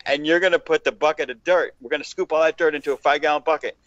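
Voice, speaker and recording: A man's voice: a little high, rapid-fire, dry recording. Male podcast host, rowdy cursing storyteller, dry muffled recording. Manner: profane, animated storyteller, acts out quotes. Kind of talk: casual chat, storytelling. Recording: dull lo-fi dry sound.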